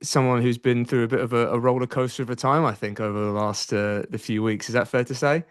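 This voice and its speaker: A man's voice: mid-range voice, steady tone, fast, clean tone, no room sound, studio quality. A man hosting a podcast, chatting energetically with frequent fillers. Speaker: podcast host. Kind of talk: casual podcast interview.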